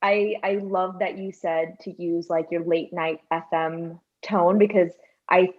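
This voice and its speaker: Lowish-voiced woman chatting, lots of "like", kinda muffled lo-fi sound. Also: steady tone, measured pace. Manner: chatty, says "like" a lot, acts out quotes. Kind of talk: casual chat.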